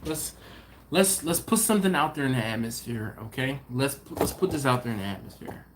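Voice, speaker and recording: A man's voice: medium pitch, lively intonation, a little fast, noisy background. A middle-aged man hosting a barbecue channel, chatting casually on a live stream and reading out viewer comments in a laid-back, slangy way.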